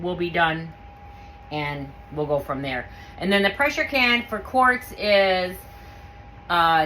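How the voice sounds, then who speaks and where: Bright-voiced, excitable woman canning at home. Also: medium pitch, slight background noise, rough recording. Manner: chatty, gushing with excitement. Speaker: home canning channel host. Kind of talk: casual how-to demonstration.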